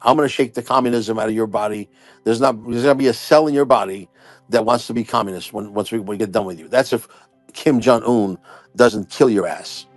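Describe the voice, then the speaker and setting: A man hosting a podcast in casual chat, loud and profane, boastful and rambling with many fillers. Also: lowish voice, brisk, dry recording, soft background music. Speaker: podcast host.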